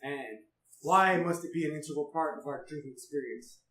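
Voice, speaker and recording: A man's voice: fairly high pitch, fairly quick, sharp tone. A man hosting a podcast in a casual chat over drinks, laid-back, swearing freely and laughing often. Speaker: podcast host. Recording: echoey room, mic at a distance.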